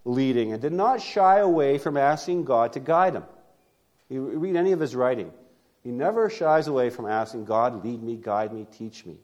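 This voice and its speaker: The pastor's voice is medium-pitched as he preaches in an easy, conversational style. He returns to key phrases, asks rhetorical questions, and shifts from loud emphasis to soft asides.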